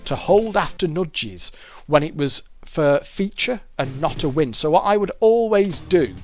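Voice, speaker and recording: Chatty British man with lively pitch. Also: unhurried, faint music behind. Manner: chatty, rambling, explaining as he plays. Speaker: fruit machine gameplay commentator. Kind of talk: casual gameplay commentary.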